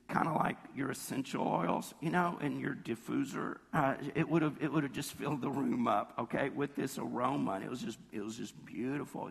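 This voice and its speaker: A hoarse man preaching a sermon in a conversational storytelling way, slipping into quoted voices. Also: long reverb tail. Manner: conversational storytelling, acts out quotes with jumps in pitch.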